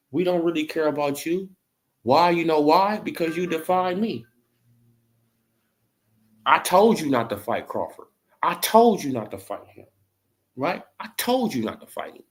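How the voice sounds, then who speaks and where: Brief: man doing a vindictive fight-game manager, taunting, swinging from low growls to high jeers. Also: expressive, moderate pace, long pauses. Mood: scolding. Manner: taunting, scolding, rhetorical questions. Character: controlling, spiteful male boxing manager.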